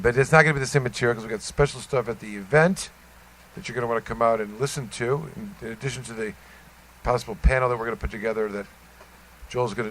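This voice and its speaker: A man's voice: medium pitch, fairly bright tone, slight background noise, low-quality recording. Joking man hosting a podcast. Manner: joking, teasing banter. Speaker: podcast host. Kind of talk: casual podcast chat.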